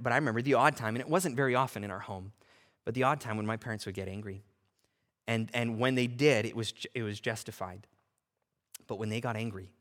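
A male pastor preaching a sermon, animated and full of rhetorical questions. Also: medium pitch, in a large hall.

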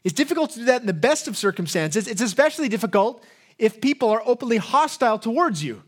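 This is a man with an English accent preaching from the pulpit in a higher-pitched voice. His sermon is conversational rather than formal. He leans on rhetorical questions and quick "right?" check-ins with the congregation. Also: sing-song. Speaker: pastor.

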